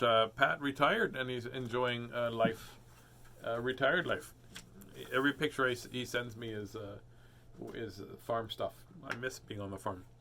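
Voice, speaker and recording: A man's voice: mid-range voice, bright, forceful tone. A man hosting a read-aloud of children's picture books, reading in a playful, rhyming sing-song way.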